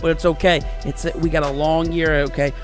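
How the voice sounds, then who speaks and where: A man giving excited gameplay commentary as a gaming video host, hyped, cheering and often yelling. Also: on the high side, a little fast, music in the background. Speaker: gaming YouTuber.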